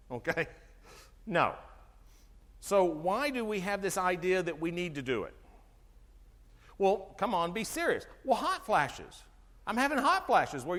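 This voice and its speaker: A middle-aged man giving an animated health talk to an audience, asking them questions and acting out conversations. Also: high-pitched. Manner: animated, asks the audience questions, acts out dialogue. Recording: long hall reverb from a live talk.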